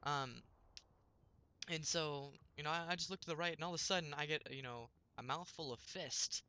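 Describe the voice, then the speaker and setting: A man's voice: on the high side, normal speed, pushed and bright, clear, resonant tone, dry recording. A young man telling a rambling story while commenting on his gameplay, with many restarts.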